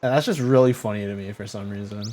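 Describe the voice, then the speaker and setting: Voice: medium pitch, fast, dark tone, a little hiss or hum. A streamer chatting casually and rambling with fillers while playing a game.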